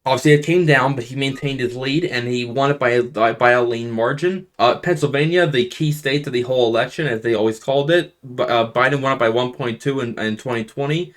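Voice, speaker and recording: A young man walking through an electoral map in a loose, conversational way. He trips over his own sentences and restarts them, then pushes his voice up to stress each surprise. His voice sits at an ordinary middle pitch for a man. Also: a little fast, few pauses. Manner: rambling, restarts sentences, animated emphasis. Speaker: political commentator. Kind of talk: casual election map analysis.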